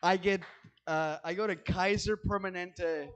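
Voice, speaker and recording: A man's voice: sits high, steady tone, measured pace, low-quality recording. A man doing a stand-up comedy set, ranting in a profane, agitated way and stammering through restarts.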